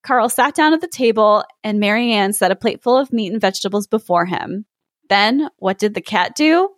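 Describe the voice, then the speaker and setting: A woman's voice: mid-range voice, lively intonation, normal speed, no echo, clean studio sound. A woman reading a folk tale aloud to friends, with chatty, amused asides. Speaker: story reader and host. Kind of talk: casual storytelling read-aloud.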